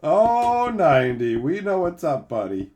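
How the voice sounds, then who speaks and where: Male streamer, playful roaster of chat, very lively pitch swings. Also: measured pace, slight background noise. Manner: animated, mock-teasing, playful roasting of chatters. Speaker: streamer reading live chat. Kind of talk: casual livestream chat.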